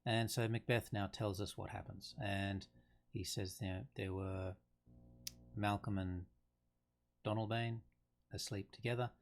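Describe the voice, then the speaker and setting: Male teacher, lower register, casual explainer who thinks aloud. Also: steady tone, measured pace, long pauses. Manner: conversational, thinking aloud with fillers and restarts. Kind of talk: casual lesson explaining a play.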